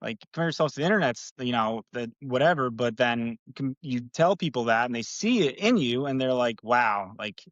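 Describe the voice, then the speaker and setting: Guest spot: young male trainer, quick rambling upbeat talk, dry slightly dull audio. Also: mid-range voice, expressive, dry recording. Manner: rambling, upbeat, many fillers like "you know". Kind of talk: casual podcast conversation.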